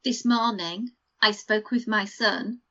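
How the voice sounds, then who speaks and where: A woman's voice: mid-range voice, slow pace, fairly bright tone, highs cut off. A middle-aged woman co-hosting a podcast, chatting casually and savouring vivid details as she lists them. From United Kingdom. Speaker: podcast co-host. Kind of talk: casual chat.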